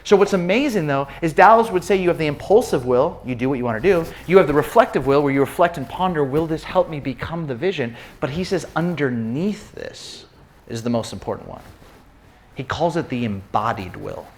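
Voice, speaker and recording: A man giving an animated, storytelling sermon talk, often repeating words as he starts sentences. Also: a little high, a little fast, slight background noise. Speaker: speaker at a faith session.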